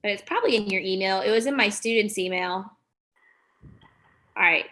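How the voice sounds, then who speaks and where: A woman teacher chatting casually on a video call, friendly and brisk. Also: medium pitch, a bit bright. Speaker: teacher and sponsor.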